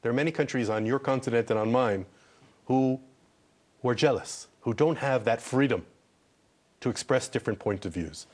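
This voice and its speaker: A man's voice: medium pitch, moderate pace, long pauses, darkish tone. A man who is an ambassador from Israel, answering questions in a TV news interview in an earnest way and repeating words when he presses a point.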